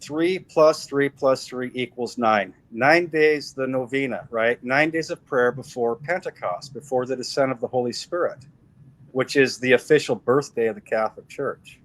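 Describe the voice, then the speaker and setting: A man's voice: medium pitch, moderate pace, low-quality recording. A middle-aged man giving a personal faith testimony as an interview guest, telling it emphatically and repeating phrases for weight.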